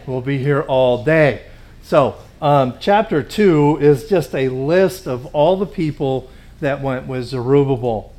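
Slow-talking pastor, relaxed and chatty. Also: male voice, mid-range voice. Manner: slow, conversational, with frequent fillers and asides; reads scripture aloud in King James wording. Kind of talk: Bible teaching sermon.

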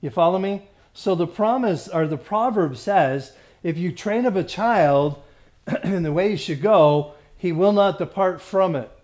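A man pastor leads a Bible study with a voice a bit higher than most men's. He talks loosely, restarts his sentences often, and keeps checking that everyone is following. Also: animated, a little slow, darkish tone. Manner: conversational, many restarts, checks in with the group.

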